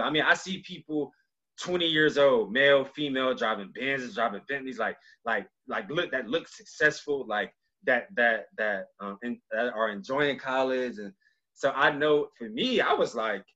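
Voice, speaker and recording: A man's voice: mid-range voice, normal speed, pushed and bright. A man from Cleveland hosting a casual podcast interview, talking loosely with many fillers and repeats. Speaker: podcast host. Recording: dull lo-fi sound.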